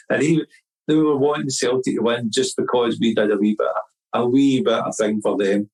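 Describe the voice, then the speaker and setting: A man's voice: medium pitch, steady tone, normal speed, a little mellow, breathy edge, rough recording. Chatty man telling a story. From Scotland. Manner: rambling, with many restarts and quoted dialogue. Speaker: podcast guest. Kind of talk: casual storytelling.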